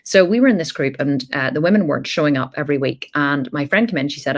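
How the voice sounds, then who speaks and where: Middle-aged woman host, low voice, chatty storytelling with asides. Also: fairly quick, hardly any pauses. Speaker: podcast host. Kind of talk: casual storytelling monologue.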